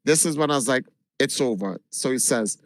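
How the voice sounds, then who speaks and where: A man from Jamaica, a livestreamer, telling a long story in an animated, casual way and swearing freely. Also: medium pitch, quick pace, no echo. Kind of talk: casual chat.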